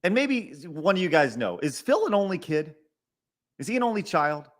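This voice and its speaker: A man's voice: sits high, very animated, normal speed. A middle-aged man hosting a live stream, reading viewer donations and ranting with exasperation, repeating himself, stumbling over words and swearing. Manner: stutters and restarts often. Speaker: podcast host. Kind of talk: live-stream rant reading super chats.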